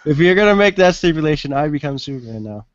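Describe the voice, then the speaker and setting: A man in a casual group chat, halting and restarting his sentences often. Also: on the high side, lively intonation, dry recording, muffled recording. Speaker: panel guest.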